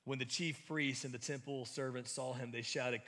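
A male preacher delivers a sermon in a bright, forward voice. He is earnest and emphatic, and he often restarts his phrases mid-thought. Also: mid-range voice, fairly even intonation, moderate pace, hardly any pauses.

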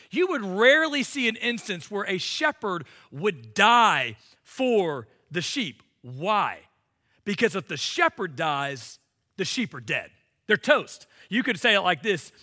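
Male pastor, high bright voice, lively conversational sermon delivery. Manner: animated, conversational preaching with rhetorical questions.

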